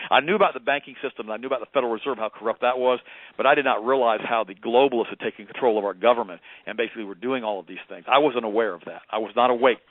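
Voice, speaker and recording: A man in his fifties from the United States, a radio guest telling an impassioned story that rises in pitch when he quotes. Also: no room sound. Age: 50s. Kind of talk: radio interview. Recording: tinny phone line, dry.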